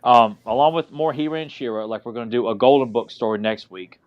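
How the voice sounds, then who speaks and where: A man's voice: medium pitch, brisk, dull audio. Rambling male podcast host. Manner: rambling, repeats words when starting sentences. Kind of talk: casual group chat.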